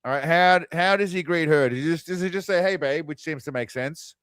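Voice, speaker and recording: A man's voice: a little high, a little fast, a bit bright, clear, resonant tone, no echo. A man hosting a crude, mocking movie commentary, tossing out quiz-style asides. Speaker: host. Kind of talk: sarcastic movie riffing commentary.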